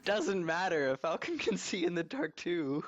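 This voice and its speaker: A man's voice: high-pitched, big pitch swings, moderate pace, a loud crowd. A man playing in a tabletop game, rambling and mocking himself as he explains his moves. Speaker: player. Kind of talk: casual tabletop game talk. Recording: dull lo-fi sound.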